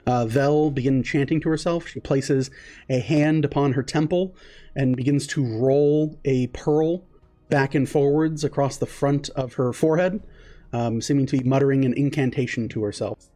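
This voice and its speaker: A man narrating as game master in a relaxed, loose way with frequent fillers. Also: medium pitch, moderate pace.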